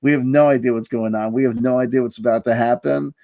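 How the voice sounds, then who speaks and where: A man's voice: mid-range voice, fairly even intonation, fast talker, creaky, mellow, no room sound. A man hosting a live online stream, telling a story in a mock-grandiose, self-mocking way. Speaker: host. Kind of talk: casual live-stream chat.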